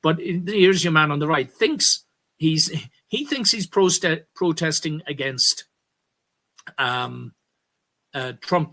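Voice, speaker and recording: Irish guy doing a politics rant, kinda high voice, bright and sharp, keeps correcting himself. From Ireland. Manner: rambling, stops to correct himself, emphatic bursts. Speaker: commentary host. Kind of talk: political commentary monologue.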